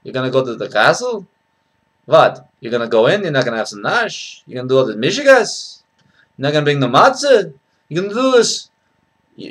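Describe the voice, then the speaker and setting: A man voicing a nagging, exasperated older man who scolds rapidly. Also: sits high, a bit bright, pitched above the performer's own voice, heavily acted.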